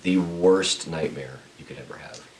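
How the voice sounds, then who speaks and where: Very deep-voiced young man, crude and blunt. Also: moderate pace. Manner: profane, blunt, rambling with restarts. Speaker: podcast host. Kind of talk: casual crude storytelling.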